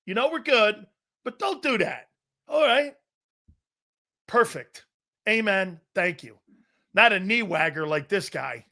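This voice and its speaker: A man's voice: sits high, lively intonation, takes it slowly, pauses often, sharp tone. A man hosting a sports talk stream, ranting casually in a brash, profane, teasing way.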